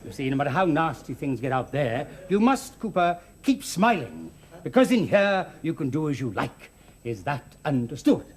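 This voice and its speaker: A pompous restaurant boss. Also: male voice, a little high, very animated, normal speed. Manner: pompous, instructing. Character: pompous male restaurant manager, overbearing boss. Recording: TV studio audience and background noise.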